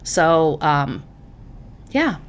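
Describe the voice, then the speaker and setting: A woman co-hosting a podcast in casual chat, loud and profane, telling stories animatedly. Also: deep voice, big pitch swings, drawn-out words, a little hiss or hum. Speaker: podcast co-host.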